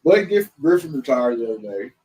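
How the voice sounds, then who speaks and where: A man's voice: medium pitch, big pitch swings, a little fast, mellow, distant mic, low-quality recording. A man hosting a casual podcast, chatting about basketball and agreeing a lot. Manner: lots of yeahs, backchannel agreement. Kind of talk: casual sports chat.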